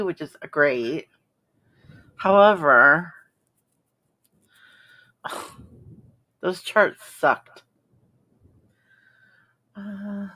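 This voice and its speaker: A woman's voice: low-pitched, fairly bright tone. A woman hosting a live stream, chatting casually and bluntly with viewers, sarcastic and full of ums. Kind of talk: casual chat reacting to viewer comments.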